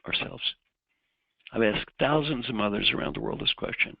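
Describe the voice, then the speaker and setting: Gravelly man giving a motivational talk. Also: medium pitch, normal speed, no room sound, highs cut off. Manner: direct, coaching the audience through exercises. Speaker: keynote speaker.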